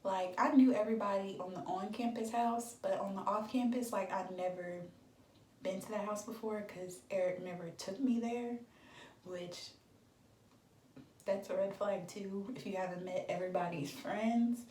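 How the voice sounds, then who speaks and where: A woman's voice: medium pitch, steady tone, normal speed, a little mellow, distant mic, slight background noise. Chatty young woman in an echoey room. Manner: chatty, dramatic storytelling with lots of fillers. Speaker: beauty vlogger. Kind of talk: storytime vlog.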